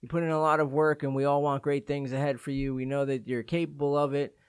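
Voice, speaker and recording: A man's voice: on the high side, flat delivery, fast, smooth, no echo. Easygoing male podcast host, dry sound. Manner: easygoing, asks questions. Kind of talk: casual chat.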